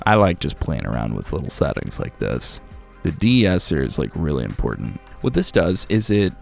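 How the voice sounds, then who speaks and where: A man who narrates audiobooks, chatting casually on a livestream in a relaxed, rambling way and reading chat questions aloud. His voice is a little sore. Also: low voice, vocal fry. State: slightly sore voice.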